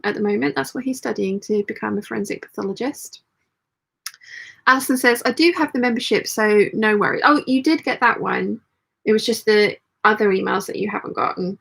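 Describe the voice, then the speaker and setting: A woman chats through a live stream while she sews, reading out viewer comments and answering them. Her voice is gravelly with a husky edge, and she talks in a loose, chatty way with plenty of fillers. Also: a little high, fairly bright tone. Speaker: sewing channel host. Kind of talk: casual live-stream chat while sewing.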